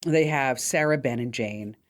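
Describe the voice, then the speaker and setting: A woman radio host with a very deep voice offers tech tips at an unhurried pace. On this casual call-in show she stays upbeat, loose and chatty, using plenty of fillers as she walks listeners through each tip.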